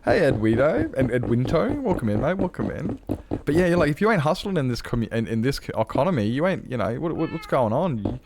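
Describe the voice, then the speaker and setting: Rambling Australian streamer, gravelly. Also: male voice, medium pitch, very animated, quick pace, background noise. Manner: rambling, self-mocking, lots of restarts and laughs. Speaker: Minecraft streamer. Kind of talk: casual live-stream chat.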